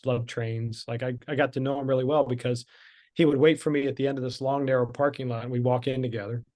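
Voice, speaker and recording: A man's voice: medium pitch, a little mellow. A middle-aged man telling his story as a podcast guest, candid and conversational with frequent fillers and restarts.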